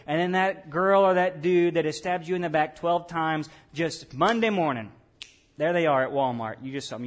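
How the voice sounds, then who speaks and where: A pastor preaching a sermon in a conversational way, tossing questions and asides to the congregation. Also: male voice, on the high side, moderate pace.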